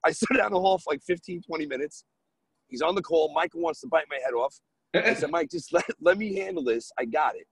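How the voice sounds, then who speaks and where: Man from New York spinning a deal story on a podcast, animated and gravelly, a bit raised in pitch. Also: fairly quick, no echo, rough recording. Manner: animated, acts out dialogue in his story. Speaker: guest real estate investor.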